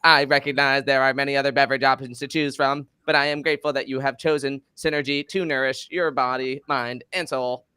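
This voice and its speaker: A man's voice: mid-range voice, level tone, fairly quick, few pauses, pushed and bright, smooth, no room sound, studio quality, close to an everyday voice. A man putting on the voice of an earnest male AI wellness robot, reading a sincere brand message. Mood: mock-earnest.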